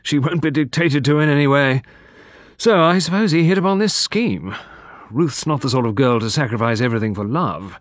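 A man voicing a blunt, gruff old military colonel who talks in brisk, clipped phrases. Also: medium pitch, expressive, no room sound, studio quality, pitched above the performer's own voice, close to an everyday voice. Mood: confiding.

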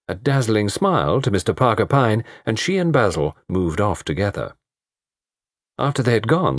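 A man narrating a story in an expressive, varied storytelling delivery. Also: lowish voice, dry recording, studio quality. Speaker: audiobook narrator. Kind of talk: scripted narration.

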